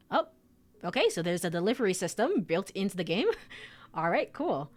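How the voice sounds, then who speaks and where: A woman's voice: on the low side, very animated, normal speed. Bubbly giggling young woman streamer. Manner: bubbly, giggly, gushes over cute things. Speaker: streamer playing a game. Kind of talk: casual let's-play commentary.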